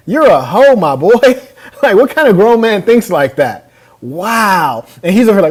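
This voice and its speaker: Speaking at normal speed in a high-pitched, very animated voice with a darkish tone, a man reacts to a clip from a hotel suite. This podcast host's casual commentary, caught on a camera mic, is brash, boastful and mocking.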